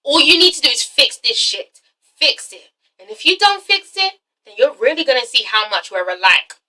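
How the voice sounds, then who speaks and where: A woman voicing a fierce, sharp-tongued young woman who speaks bluntly and confrontationally, recorded from a distance. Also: sits high, animated, moderate pace, full character voice.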